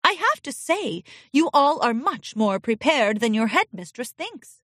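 A woman voicing a gentle, regal female pony princess who teaches a class, in an encouraging, teacherly manner. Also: a little high, big pitch swings, unhurried, no echo, studio quality, exaggerated voice. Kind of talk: storybook reading.

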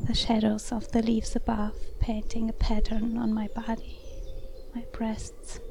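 A young adult woman narrating a whispered role-play, breathy and soft, with frequent small laughs. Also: a little high, completely flat delivery, measured pace, noisy background.

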